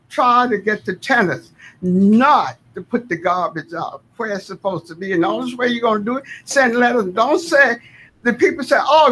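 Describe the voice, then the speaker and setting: With a voice on the higher side and somewhat bright, a Southern US woman addresses a board meeting's public comment period as a tenant. She comes across as folksy, earnest, and insistent.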